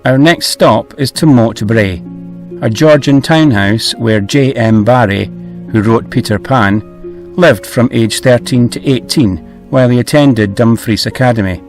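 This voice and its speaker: A man's voice: medium pitch, unhurried. A middle-aged man hosting a travel vlog, easygoing and a little hesitant, over faint music. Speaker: vlog host.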